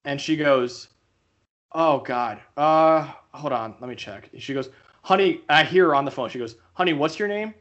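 A young podcast co-host with a voice on the high side recounts a story casually at normal speed, the recording's highs cut off. He's lively about it, mimicking the voices he quotes.

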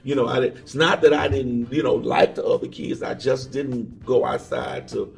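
Soft music plays faintly as an evangelist interview guest shares stories from his life, leaning back from a distant mic in an echoey room. His mid-range voice is gravelly with fry, at a normal pace, and he tells his tales casually, performing the voices of people he quotes.

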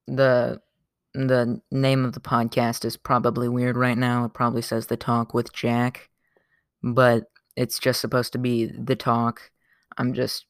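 Young man rambling, gravelly dry voice. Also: mid-range voice, no echo. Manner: rambling, lots of fillers and "like". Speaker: podcast host. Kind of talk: casual solo podcast monologue.

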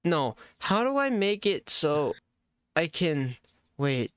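A man's voice: a little high, very animated, slow pace, fairly bright tone, clean tone, dry recording, studio quality. A young man hosting a casual podcast chat over an online call, fumbling with his audio settings and talking in flustered bursts. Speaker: podcast host.

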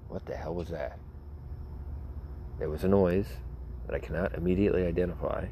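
A man's voice: low-pitched, fairly quick, mellow, slight background noise. A young man hosting a casual show, telling rambling, joking stories with many asides and self-interruptions. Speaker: podcast host.

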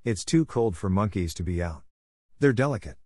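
A man voicing a gentle, hopeful young girl who speaks in an earnest, tender and polite way. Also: fairly low pitch, lively intonation, normal speed, dry recording, studio quality. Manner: earnest and tender, softly affectionate.

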